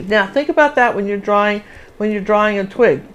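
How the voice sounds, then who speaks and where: A woman's voice: medium pitch, normal speed, clean tone. Chatty woman teaching a live painting class. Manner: chatty, rambling, sings little "do do" rhythms while drawing. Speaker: painting instructor and show host. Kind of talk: live painting lesson with casual chat.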